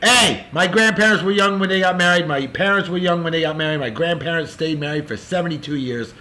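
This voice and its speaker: Man, high-pitched, bright voice, boisterous, jokey, folksy host. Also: fairly quick. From California. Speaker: show host. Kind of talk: casual birthday shout-outs.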